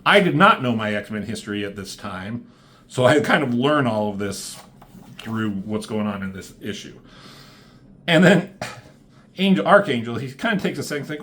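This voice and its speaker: A man casually recapping a comic issue, rambling and reading panels aloud with quick voiced quotes and casual swearing. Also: medium pitch. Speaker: comic book reviewer.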